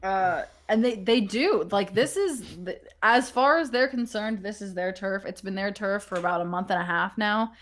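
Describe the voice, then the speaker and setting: A woman's voice: mid-range voice, moderate pace, hardly any pauses, a bit bright. A woman narrating as game master, casual and salty, swearing freely. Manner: casual, profane, laughing often.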